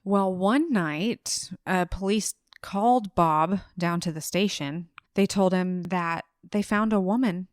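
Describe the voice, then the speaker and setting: A woman narrating a true-crime case on a casual podcast. She talks slowly in a fairly low voice and laughs easily. The sound is dry and close to the mic. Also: dry recording. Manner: relaxed storyteller, laughs easily, acts out quotes briefly.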